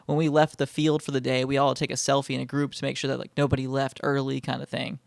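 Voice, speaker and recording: A young man telling a personal story casually, animated and slangy, full of fillers and swearing. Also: medium pitch, fast talker, creaky, dry recording, studio quality. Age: young adult. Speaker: storytime vlogger.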